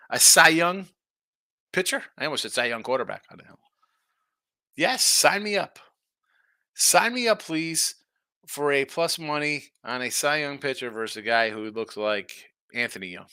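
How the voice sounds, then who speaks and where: A man hosting a sports betting show, chatting casually and reacting to viewer comments in a lively, tired-but-animated way. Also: mid-range voice, moderate pace, smooth, dry recording, clean studio sound. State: tired, yawning. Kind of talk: casual betting talk reading chat.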